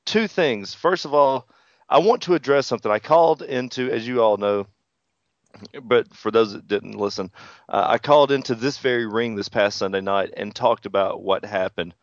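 A man's voice: on the low side, normal speed, no echo. A man co-hosting a podcast, a pro wrestler who tells stories in a profane, joking way. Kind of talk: casual chat. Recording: dull lo-fi sound.

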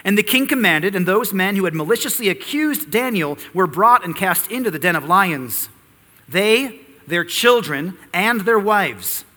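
A man's voice: high-pitched, expressive, a little slow, pushed and bright, long reverb tail. A man preaching an expository sermon, reading scripture and teaching earnestly, with rhetorical questions to the congregation. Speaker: pastor.

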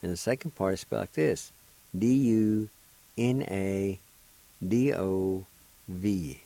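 A man leads a radio language lesson, spelling each word and sounding it out one syllable at a time. His voice sits low and warm, and the sound is close and dry with no room around it. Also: slow, vocal fry, no echo, poor audio. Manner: spells and pronounces words syllable by syllable, patient drilling. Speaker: radio host teaching a language.

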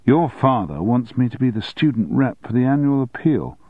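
A man's voice: medium pitch, sing-song, normal speed, husky, dry recording, pitched above the performer's own voice. A man reading as a guarded schoolboy. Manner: polite, composed. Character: teenage schoolboy, guarded and calculating. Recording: dry, phone-like narrow sound.

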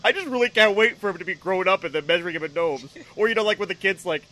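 A man's voice: high-pitched, quick pace, bright, forceful tone. A young man co-hosting a podcast in casual chat, teasing his friend and laughing a lot. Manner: giggly, teasing, laughs often. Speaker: podcast co-host.

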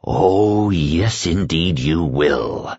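A man reading an audiobook, voicing a cruel, grinning supernatural dark man in a low, gloating tone. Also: animated, extremely slow, husky, no room sound, dull audio, exaggerated voice. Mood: gloating menace.

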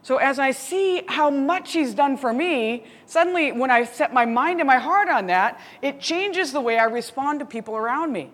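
Animated woman teaching a Bible study. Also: high voice, normal speed, few pauses. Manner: animated storytelling with laughs. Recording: long hall reverb.

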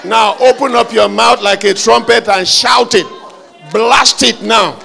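A male preacher delivering a fervent revival sermon, shouting repeated calls for the congregation to pray aloud. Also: extremely high pitch, a little slow, creaky, a faint crowd. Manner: fervent, repetitive exhortation.

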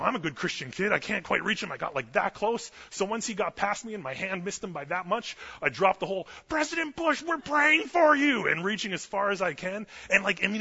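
A young man preaching a casual storytelling sermon, chatty and animated, loudly acting out the quotes. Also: on the high side, husky. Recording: muffled lo-fi sermon recording.

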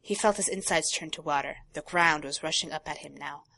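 A woman co-hosting a casual talk show, reading a long passage from a novel aloud and breaking off for quiet asides. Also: low voice, brisk, creaky. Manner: reads prose steadily, drops to quiet asides. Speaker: podcast co-host.

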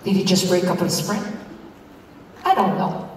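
A woman's voice: on the low side, moderate pace, darkish tone, slight background noise. A woman tells a comic story on stage, acting out both sides of a conversation. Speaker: performer on stage. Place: large hall. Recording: echoey hall from far off.

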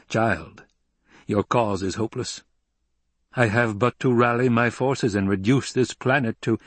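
A man with a husky voice, reading an audiobook and voicing a commanding, threatening male emperor. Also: mid-range voice, unhurried, dry recording, natural voice. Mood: menacing. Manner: commanding, menacing, rising to shouts.

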